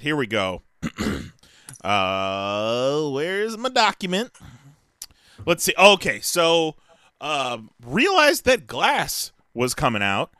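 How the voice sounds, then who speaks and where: A man's voice: medium pitch, pushed and bright, no echo, studio quality. A man co-hosting a podcast in casual chat, laughing often and tossing in jokey asides. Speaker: podcast co-host.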